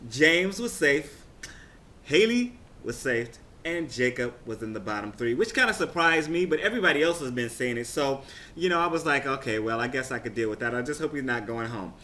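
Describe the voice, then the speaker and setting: A man casually recapping a TV results show, chatty and excitable, rambling with frequent restarts. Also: medium pitch, fairly quick, slight background noise.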